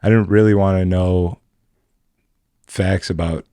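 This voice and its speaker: Podcast host, man, lower voice, deadpan teasing humor, casual studio chat with dry sound. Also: unhurried, clear, resonant tone, no room sound. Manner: teasing, provocative joking questions.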